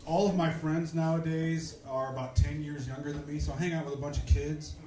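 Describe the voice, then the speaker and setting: Wry thirties man comic, high voice. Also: fairly even intonation, fairly quick, warm tone, a little hiss or hum. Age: 30s. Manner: wry, exasperated, with fillers. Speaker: stand-up comedian. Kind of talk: stand-up comedy set. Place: comedy club stage, live audience. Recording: echoey room.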